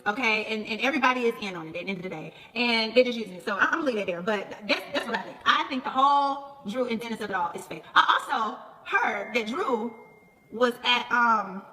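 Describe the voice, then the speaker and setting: A woman's voice: high-pitched, pushed and bright, in a large hall. A woman in casual gossip chat, telling stories bluntly and acting out both sides of conversations with lots of laughter. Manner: blunt, profane, laughs often. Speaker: reality show cast member talking to viewers.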